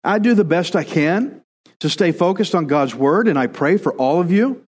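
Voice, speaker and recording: A man's voice: sits high, animated, normal speed, in a large hall. A male pastor preaching a conversational sermon, now and then acting out quoted voices.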